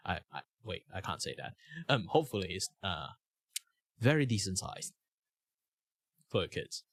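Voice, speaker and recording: A man's voice: low voice, big pitch swings, normal speed, vocal fry, pauses often, slightly rough, no echo. A young man from Malaysia chatting casually as a streamer, with flowing, rambling speech full of fillers and restarts, recorded on a good mic in a sound-treated home studio. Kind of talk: casual chat.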